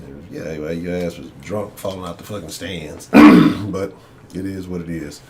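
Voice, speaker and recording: A man's voice: low-pitched, normal speed, a crowd in the background. A man hosting a casual sports talk livestream, rambling and swearing as he addresses his chat. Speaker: sports talk show host.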